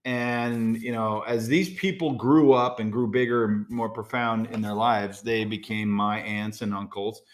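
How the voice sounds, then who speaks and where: A man's voice: on the low side, fairly even intonation, a little slow, few pauses. A middle-aged American man hosting a solo podcast, talking in a conversational, direct way with frequent fillers and asides. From United States. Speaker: podcast host. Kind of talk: casual solo podcast talk.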